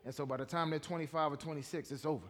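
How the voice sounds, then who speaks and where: Laid-back former football player from Washington, D.C. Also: male voice, on the high side, steady tone, rapid-fire, a bit bright. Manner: laid-back, joking, sincere about faith. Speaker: former pro football player, interview guest. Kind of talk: relaxed storytelling interview. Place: church stage before a congregation. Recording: long reverb of a large church hall.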